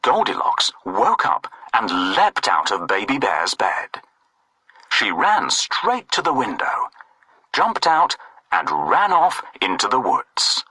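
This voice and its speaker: A man's voice: on the low side, big pitch swings, slow pace, pushed and bright, slightly rough, no room sound, low-quality recording. A man narrating a children's storybook with a sing-song, swooping storyteller delivery.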